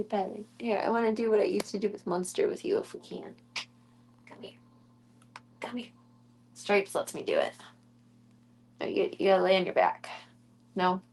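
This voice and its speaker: Young woman streaming, baby-talking her kittens, giggly and sweet, mid pitch. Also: gravelly. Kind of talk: casual chat with her cats.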